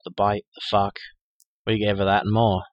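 A man's voice: fairly low pitch, level tone, moderate pace, dry recording, muffled recording, lightly acted. A man reading an audiobook, voicing a vicious, crude male were-rat boss with a snarling, sneering delivery. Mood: taunting.

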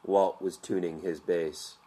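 A man narrating an audiobook in a measured, vivid storytelling manner. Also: low-pitched, steady tone, warm tone.

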